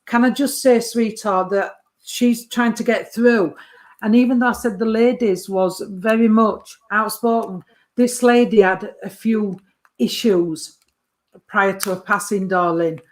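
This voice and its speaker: A woman's voice: mid-range voice, fairly even intonation, a little slow. A woman, giving a medium's reading from a photo and calling the sitter sweetheart and darling. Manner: warm endearments, calls the sitter sweetheart and darling.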